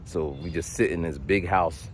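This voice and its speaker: A man's voice: sits low, normal speed, slight background noise. A young man talking in a rambling, casual monologue, with many restarts and acted-out voices. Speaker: vlogger.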